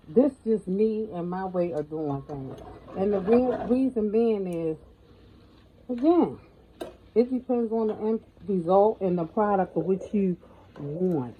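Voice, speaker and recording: A woman's voice: medium pitch, narrow, tinny audio, a little hiss or hum. A middle-aged woman giving a folksy, chatty cooking tutorial in her home kitchen, often calling out to viewers as y'all. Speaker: home cook.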